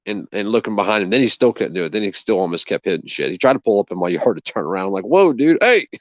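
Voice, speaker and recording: A channel host with a low voice races through a casual chat, telling an indignant, profane story and acting out both sides of the conversation. The lo-fi recording is dull and dry, with no room sound.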